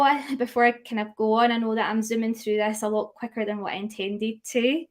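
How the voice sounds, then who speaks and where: A woman's voice: on the high side, steady tone, fairly quick, few pauses. Chatty woman teaching a webinar. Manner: chatty, asks the audience questions, reads out chat replies. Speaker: dog grooming educator.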